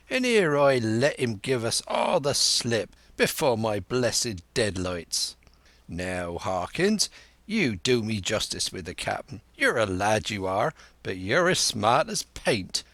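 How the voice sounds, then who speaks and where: A man voicing a wily, blustering one-legged old pirate cook in a slow audiobook reading. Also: mid-range voice, very animated, a bit bright, no room sound, exaggerated voice. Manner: bluff, blustering, sly sea talk.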